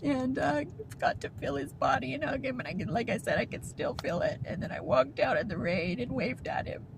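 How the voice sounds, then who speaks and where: A middle-aged woman speaks to her viewers in a high voice, telling a personal story. Her speech is halting and emotional, with restarts and soft laughs. Noise is clearly heard behind her, with passing vehicles. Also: sing-song. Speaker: vlogger.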